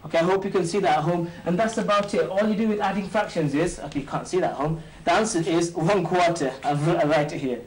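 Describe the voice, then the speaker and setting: A man hosting and teaching an informal maths lesson, quizzing a few students with quick questions and joking as he goes. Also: sits high, poor audio. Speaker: maths teacher and show host.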